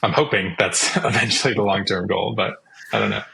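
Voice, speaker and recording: Chatty young man with a low voice. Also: fairly quick, creaky, sharp tone, a little hiss or hum, low-quality recording. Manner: chatty, many "like"s, acts out quotes. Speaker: guest. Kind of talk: casual interview talk.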